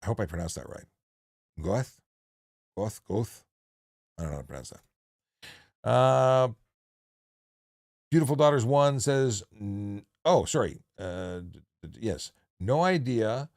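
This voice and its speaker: Gravelly low-voiced man hosting a stream. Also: big pitch swings, normal speed, a little mellow, no room sound, studio quality. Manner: jokey, rambling with many restarts. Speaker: livestream host, former police officer. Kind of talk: casual livestream chat.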